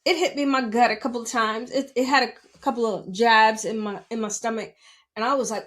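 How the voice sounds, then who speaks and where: A woman's voice: a little high, fairly even intonation, brisk, a bit bright. A woman hosting a podcast, talking candidly and emphatically in a motivational monologue, often checking in with her listeners. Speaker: podcast host.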